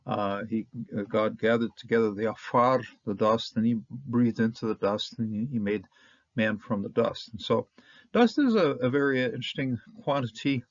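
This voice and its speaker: A man giving a casual Bible lesson, halting with many fillers and restarts, sounding out Hebrew words slowly. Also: mid-range voice, no echo. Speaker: Bible teacher. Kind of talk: casual lecture. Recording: dull, dry, lo-fi sound.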